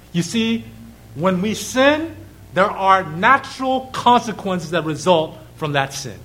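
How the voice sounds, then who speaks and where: A man preaching a sermon, asking rhetorical questions, reading scripture aloud and pausing for effect. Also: high voice, a bit bright, low-quality recording.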